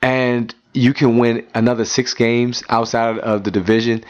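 A man's voice: mid-range voice, level tone, normal speed. A man co-hosting a sports radio show, giving teasing banter and team analysis. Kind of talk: casual sports talk. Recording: dull, lo-fi radio recording.

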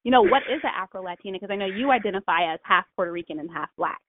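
A woman's voice: mid-range voice, lively intonation, very fast, a little hiss or hum. A woman hosting an interview, asking questions and encouraging her guest. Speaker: interviewer, host. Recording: tinny phone-like line, dry.

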